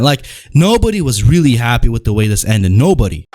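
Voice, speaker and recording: A man's voice: mid-range voice, very animated, a little fast, a little mellow, a little hiss or hum. A young man hosting his own wrestling commentary, ranting casually with exasperation and lots of slang. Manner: exasperated, slangy, repeats "bro".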